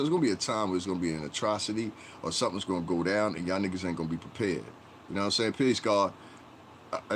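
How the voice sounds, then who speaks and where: A man's voice: low-pitched, a bit bright, slight background noise. A man hosting a livestream, ranting bluntly and profanely to his chat and rambling with many fillers. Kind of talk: casual livestream rant.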